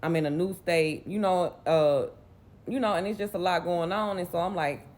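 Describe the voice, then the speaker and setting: A woman's voice: on the low side, moderate pace, darkish tone. A Southern US woman from Mississippi in her late twenties, telling a personal story in a candid, rambling way. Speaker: vlogger.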